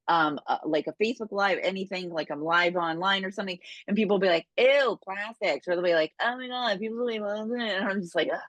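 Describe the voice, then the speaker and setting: A woman coaching her sales team in a relaxed, chatty way, tagging her points with quick questions. Her voice sits low. The sound is dry and close. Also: dry recording. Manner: chatty, keeps tagging lines with "right?". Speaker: direct sales trainer. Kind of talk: casual training talk to a sales team.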